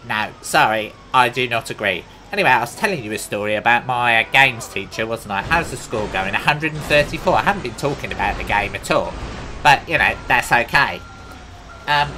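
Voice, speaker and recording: Cockney bloke chatting nonsense over gameplay, full of himself, music playing behind. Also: male voice, mid-range voice, animated, moderate pace, sharp tone, rough recording. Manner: boastful, absurd, chatty tangents. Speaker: gaming comedy host. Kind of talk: rambling comic monologue over gameplay.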